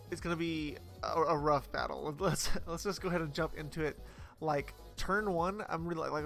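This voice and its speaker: A man's voice: fairly high pitch, a bit bright. A young man giving casual gameplay commentary over his own battle, rambling and chatty with frequent fillers and self-corrections. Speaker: competitive Pokemon player commentating his battle.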